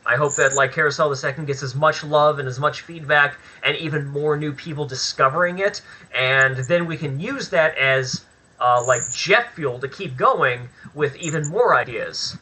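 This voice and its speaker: A man being interviewed as a filmmaker and actor, talking in an animated, rambling way with plenty of swearing in a casual chat. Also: fairly high pitch, normal speed, breathy edge, poor audio.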